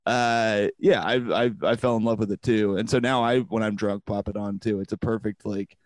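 A man's voice: fairly low pitch, steady tone, normal speed, no room sound. A young male comedian telling stories in a loose, profane way, laughing often and acting out quotes. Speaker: comedian, podcast guest. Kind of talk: casual storytelling chat.

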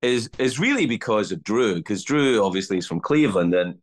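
Lively Scottish man telling stories. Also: lowish voice, a little fast. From Scotland. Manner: animated, swearing storyteller acting out voices. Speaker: guest comedian. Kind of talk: casual podcast storytelling.

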